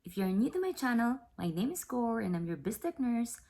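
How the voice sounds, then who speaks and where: A woman's voice: a little high, very animated, fairly quick, very noisy. A young woman from the Philippines, talking earnestly to her viewers in a casual vlog and often repeating words as she explains. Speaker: vlogger.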